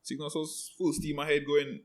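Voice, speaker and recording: A man's voice: on the high side, little pitch movement, moderate pace. A man co-hosting a casual podcast about stock earnings, easygoing and agreeable. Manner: easygoing, agreeable, frequent affirming murmurs. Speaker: podcast co-host.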